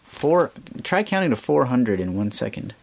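A man's voice: medium pitch, very animated, a little fast, vocal fry, a little hiss or hum. A man hosting a children's music radio show, chatting casually and explaining things simply for kids.

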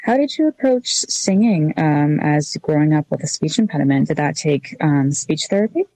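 A woman's voice: low-pitched, lively intonation, normal speed, warm tone, dry recording. A woman interviewing a musician, asking questions and offering frequent encouraging affirmations. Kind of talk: casual interview.

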